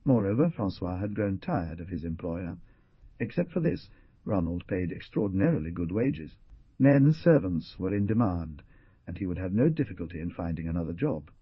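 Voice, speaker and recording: A man narrating an audiobook in a dramatic style, with a husky voice and lively delivery of the characters' lines. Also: sits low, normal speed, dry recording. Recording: dull, muffled studio recording.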